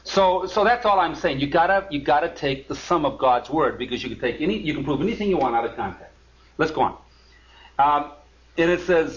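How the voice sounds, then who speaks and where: Guy leading a bible study, lively up and down voice, kinda lo-fi sound. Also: on the high side, a little fast. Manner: animated, emphatic, reads scripture aloud with asides. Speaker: Bible teacher. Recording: lo-fi recording.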